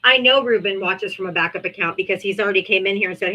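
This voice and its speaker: A woman's voice: mid-range voice, brisk, bright, forceful tone, rough recording. A woman hosting a live political debate stream, talking in a brash, mocking, profane way.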